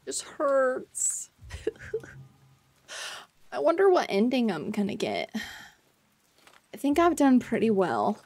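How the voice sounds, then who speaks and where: Slow-talking emotional woman streamer. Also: high voice, very animated, darkish tone. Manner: emotional, rambling, with many "like"s. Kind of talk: live game commentary.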